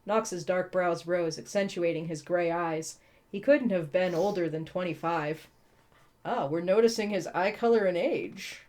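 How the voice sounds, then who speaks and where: A woman's voice: fairly low pitch, a little slow, darkish tone. A woman co-hosting a comedic book read-along, reading aloud with profane, laughing asides.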